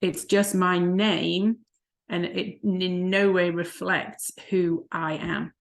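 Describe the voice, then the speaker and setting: A woman's voice: lowish voice, flat delivery, slow pace, gravelly. A woman, a life coach co-hosting a vlog, telling stories in casual chat and laughing often. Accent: non-American, unplaced. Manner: chatty storyteller who laughs often.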